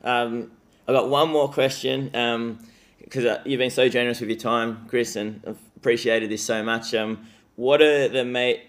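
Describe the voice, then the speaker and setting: A man hosting an interview, chatting casually about a runner he treated, relaxed and hesitant with ums. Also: mid-range voice, normal speed. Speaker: podcast host, physiotherapist.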